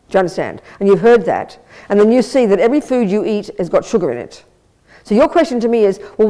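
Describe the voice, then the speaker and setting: A woman teaching as a Buddhist nun, giving a blunt, lively, conversational dharma talk and answering questions from her listeners. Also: mid-range voice. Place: Buddhist centre teaching room.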